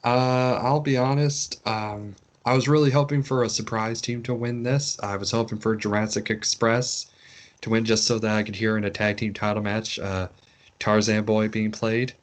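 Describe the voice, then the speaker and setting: A man's voice: lowish voice, little pitch movement, normal speed. A man co-hosting a casual podcast, rambling and teasing his co-host. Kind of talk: casual chat.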